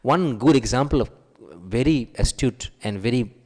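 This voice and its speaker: A man giving a sermon, telling stories and acting out the quoted voices with a raised pitch. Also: animated, moderate pace, darkish tone. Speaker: preacher. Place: temple hall. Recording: long hall reverb.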